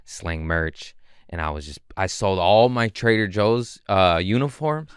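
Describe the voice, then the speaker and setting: A young man chats as a podcast guest, piling stories on top of each other with crude jokes and quick restarts. His voice sits a little low and sounds smooth and clean. The recording is close and dry. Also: no echo. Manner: rambling, excitable storyteller, crude humor. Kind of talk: casual podcast chat.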